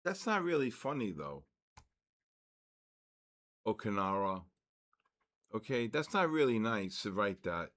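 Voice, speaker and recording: This host's voice is on the low side and a bit bright, with a sing-song lilt, an unhurried pace, and frequent pauses. A man in his sixties leading a live trading session, he talks viewers through his method casually, naming them and repeating "okay" and "so basically." Rude remarks exasperate him, and he raises his voice to complain.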